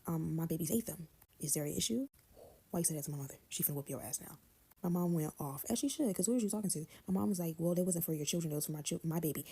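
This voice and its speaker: A young woman tells a family storytime in a low, gravelly voice with a husky edge. She talks very fast and offhand, slipping into slang as she quotes the people in the story. Her tone is dark and mellow rather than bright. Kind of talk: casual storytime.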